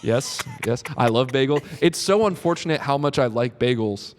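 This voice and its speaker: Young male comic, casual rambling chat, middle pitch, long room reverb. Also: normal speed, a little hiss or hum. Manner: chatty, full of likes, puts on voices when quoting himself. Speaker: comedian guest. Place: podcast room at a comedy club.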